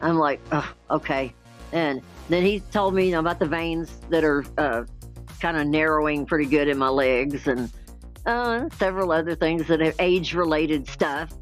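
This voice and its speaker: A woman in her sixties, chatting casually and retelling a conversation, acting out the quoted lines with lively jumps in her voice. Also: deep voice, moderate pace, faint music behind, rough recording. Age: 60s. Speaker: chat participant. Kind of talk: casual chat.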